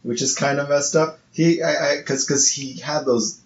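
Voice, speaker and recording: A man's voice: medium pitch, steady tone, moderate pace. A man co-hosting a casual podcast, stumbling over repeated words as he reads testimonies aloud. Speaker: podcast co-host. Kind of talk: casual chat. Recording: echoey room, muffled lo-fi sound, faint hiss.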